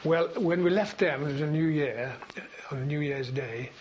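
A man's voice: on the high side, normal speed. An older man recounting his memories in an oral history interview, rambling with frequent fillers and restarts. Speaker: veteran interviewee. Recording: dull lo-fi recording with faint hiss.

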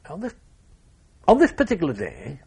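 Gravelly older veteran recalling war. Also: male voice, on the high side, wildly swooping pitch, darkish tone. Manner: measured recounting with pauses and restarts. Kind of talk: oral history interview.

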